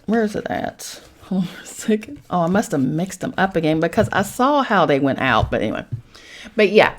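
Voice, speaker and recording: A woman with a low, deep voice reads tarot cards in casual chat. She talks in an animated, profane way, jumping between loud outbursts and quiet, muttered asides. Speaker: podcast host reading tarot.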